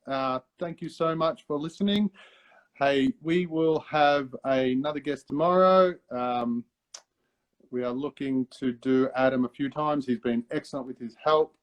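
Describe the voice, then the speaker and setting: An older Australian man hosting a casual live interview over a video call, friendly and quick to laugh, calling his guest mate. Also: medium pitch. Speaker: host.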